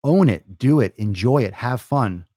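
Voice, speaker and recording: A man's voice: mid-range voice, animated, a little slow, mellow, breathy edge, no echo, clean studio sound. A man ranting in a blunt, profane way, sometimes mocking whiny excuses in a silly voice. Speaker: fitness vlogger. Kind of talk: profane motivational rant.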